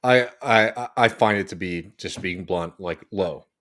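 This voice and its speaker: A man's voice: low voice, measured pace, a bit bright. A man co-hosting a political podcast, speaking hesitantly with frequent fillers, sighs and restarts. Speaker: podcast co-host. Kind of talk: casual political chat.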